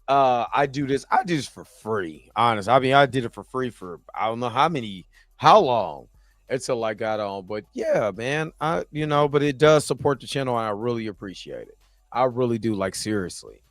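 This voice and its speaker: A man's voice: medium pitch, lively intonation, moderate pace, no echo. A man hosting a live reaction show, chatting loosely and joking around, rambling with frequent laughs. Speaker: host. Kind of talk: casual reaction livestream chat.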